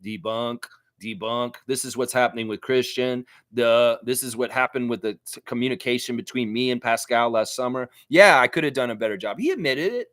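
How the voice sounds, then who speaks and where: Man, livestream host, heated animated rant, bright tense tone, dry close sound. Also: mid-range voice, brisk, no room sound. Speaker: sports fan show host.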